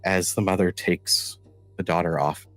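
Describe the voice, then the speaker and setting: In a steady tone, a game master with a very low voice tells a tabletop scene haltingly and deliberately, restarting sentences often. Soft music plays behind him, and the sound is dry and close with no echo.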